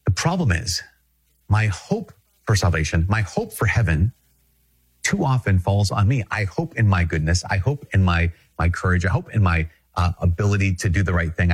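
A man's voice: low voice, expressive, normal speed, husky. A man from Minnesota, a Catholic priest, giving an earnest, conversational spiritual talk and repeating phrases for emphasis.

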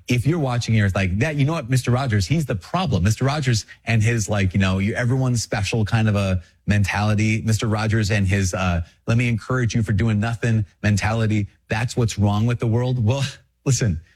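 A man, a priest, talking casually to camera, chatty and self-mocking with animated asides. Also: on the low side, a little fast, breathy edge. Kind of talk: casual video talk.

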